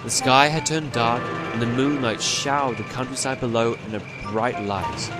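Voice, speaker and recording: A man narrating a storybook tale in scripted narration with an expressive telling. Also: medium pitch, normal speed. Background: background music.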